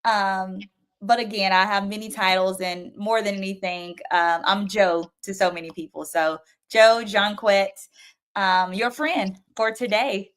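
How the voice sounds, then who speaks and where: A woman who is an author and coach speaks as a guest on a talk show. Her voice sits at a middle pitch, and she comes across as humble, friendly and upbeat. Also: fairly even intonation, measured pace, a bit bright. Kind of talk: casual interview chat.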